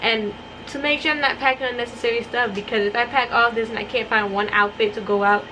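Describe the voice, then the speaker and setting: A woman's voice: fairly high pitch, fairly even intonation, fast, background noise. A young adult woman chatting casually to her viewers in a vlog, rambling and addressing them as y'all, from her bedroom. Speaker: vlogger.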